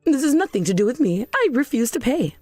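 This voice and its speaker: A woman acts out an indignant middle-aged mother in a voiced text drama. Her fairly high voice leaps up and down as she demands and defends herself. The sound is dry and close, with faint music behind. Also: very animated, fairly quick, warm tone, no room sound. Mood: outraged. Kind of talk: scripted drama voice-over.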